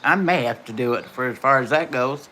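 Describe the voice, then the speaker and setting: A woman's voice: rumbling low, fairly quick, fairly bright tone. A middle-aged woman, chatting casually and telling folksy stories while hosting a livestream. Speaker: livestream host.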